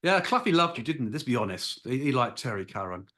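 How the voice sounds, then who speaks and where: A man hosting a sports interview, reacting warmly and reading career summaries to his guest. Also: mid-range voice, very animated, fast. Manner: appreciative, reads career summaries. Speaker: interview host.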